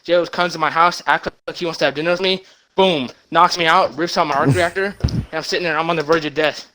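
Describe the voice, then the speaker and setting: A young man retelling a movie plot as a rambling comic story, excited and short of breath, with sudden loud bursts. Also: on the high side, fast, poor audio.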